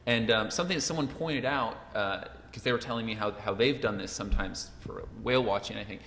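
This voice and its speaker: A man's voice: lowish voice, fairly quick, a bit bright, a little hiss or hum. A man answering as a panelist, enthusiastic and loose, with many fillers. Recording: echoey hall with faint ambience.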